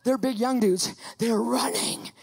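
A woman with a high voice tells a funny story to listeners. She is animated and emphatic, and she leans into every dramatic turn of her retelling. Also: measured pace, a little hiss or hum. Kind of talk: comic storytelling monologue.

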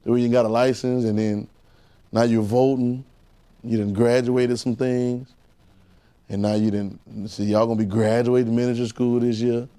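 A man preaching a sermon, firing rhetorical questions at the congregation and swinging between loud exclamations and quiet asides. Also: medium pitch, little pitch movement, normal speed.

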